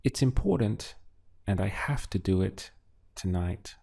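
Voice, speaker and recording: A man with a low, gravelly, mellow yet expressive voice teaches a language through drills. He goes very slowly, laying out each phrase and then responding to it word by word.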